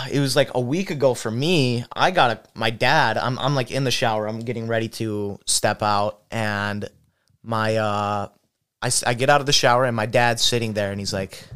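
Young guy rambling through a story, smooth clear voice, lots of likes and ums. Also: medium pitch, normal speed, a bit bright. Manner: rambling, filler-heavy storytelling. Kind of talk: casual storytelling chat.

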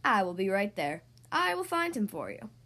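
Brief: a calm, deliberate male detective for a kids' storybook, read by a woman, low and unhurried. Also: heavily acted. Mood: thoughtful. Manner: low, slow and thoughtful.

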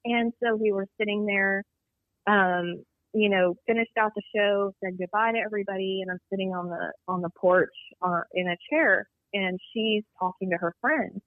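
A woman guest telling an eerie personal story in an animated, rambling way, acting out what people said. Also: mid-range voice, normal speed, dry recording. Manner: animated, rambling storyteller who acts out dialogue. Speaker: guest telling a Bigfoot encounter. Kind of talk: storytelling on a call-in interview. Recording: tinny dry phone line.

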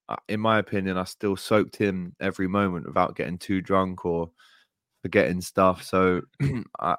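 A man's voice: deep voice, clear, resonant tone, dry recording, studio quality. A man co-hosting a podcast in casual chat, enthusiastic and heartfelt, often calling his co-host "mate" and "bro". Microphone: podcast microphone.

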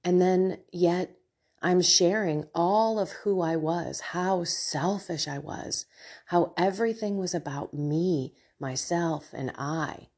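Middle-aged woman talking openly, kinda emotional, low-ish voice. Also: takes it slowly, a little mellow, slightly rough. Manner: emotional, confessional, with laughs. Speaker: podcast host. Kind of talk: personal reflective talk.

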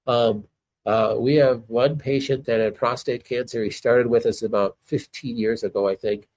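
A man who is a doctor, a guest on a call, explaining in a relaxed way with many fillers. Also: medium pitch, normal speed, no room sound. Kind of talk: explanatory conversation.

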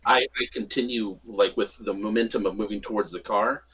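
A man's voice: fairly low pitch, steady tone, fairly quick, a bit bright, breathy edge, poor audio. A man playing a tabletop game, eagerly asking about rules and rolling dice. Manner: eager, asks rules questions. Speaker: player. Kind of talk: casual tabletop game play.

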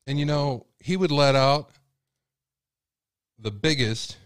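A man's voice: medium pitch, slow pace, smooth, dry recording. Rambling male host, dry close sound. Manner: rambling, folksy, many fillers. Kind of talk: casual storytelling monologue.

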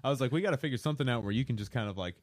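A man's voice: mid-range voice, very fast, no echo, studio quality. A man co-hosting a podcast in casual chat, wry and sometimes exasperated. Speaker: podcast co-host.

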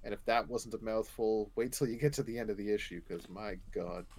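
A man's voice: lowish voice, a little fast, a little mellow, breathy edge. A man co-hosting a casual comic book podcast, playful, laughing often and swearing freely. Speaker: podcast co-host.

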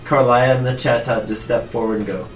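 A man narrating a tabletop game as game master, in a relaxed, descriptive way full of "like" and "just". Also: mid-range voice, fairly quick. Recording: roomy, distant mic with music.

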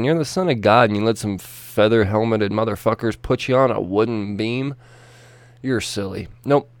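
A man's voice: lowish voice, smooth, dry recording. A young man casually retelling a story in a rambling, profane way, full of fillers and restarts.

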